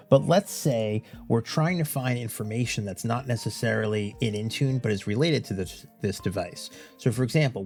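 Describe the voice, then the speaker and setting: Low-voiced man hosting a casual tech tutorial. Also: darkish tone. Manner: rambling, filler-heavy, with many "you know"s and "uh"s. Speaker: tech YouTube host.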